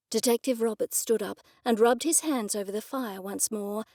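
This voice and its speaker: A woman narrating a first-person cozy mystery audiobook in a measured, expressive storytelling manner. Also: on the high side, no echo, clean studio sound.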